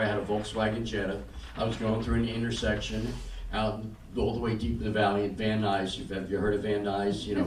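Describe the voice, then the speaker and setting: An older male comedian on a club stage performs a stand-up set, telling stories deadpan and acting out quotes in a medium-pitched voice. The sound is roomy and reverberant, recorded from a distance, with audience laughter and room noise behind him.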